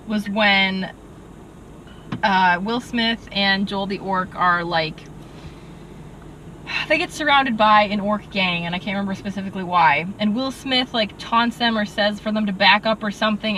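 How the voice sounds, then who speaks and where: A woman with a bright, sharp tone talks through a movie review in animated, exasperated bursts. She speaks from inside a car, with a faint road hum underneath. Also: medium pitch, poor audio. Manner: animated, exasperated, quick asides with "like". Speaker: podcast co-host. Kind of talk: casual movie review chat.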